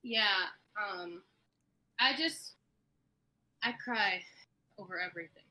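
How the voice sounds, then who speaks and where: A woman's voice: medium pitch, takes it slowly, pushed and bright, rough recording. A woman in her twenties co-hosting a podcast, speaking candidly in casual chat. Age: 20s. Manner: candid, laughs easily. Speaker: podcast co-host.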